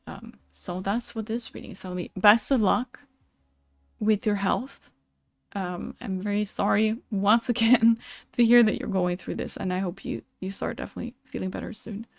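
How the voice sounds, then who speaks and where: A woman's voice: mid-range voice, vocal fry. A young woman streaming live, chatting casually with viewers between card readings, laughing often and swearing now and then.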